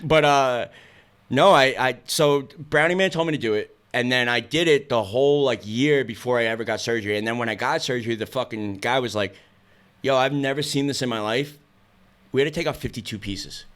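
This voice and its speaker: A young man talking as a guest in a casual interview, telling stories fast with lots of swearing and acted-out quotes. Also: medium pitch, a bit bright. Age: young adult.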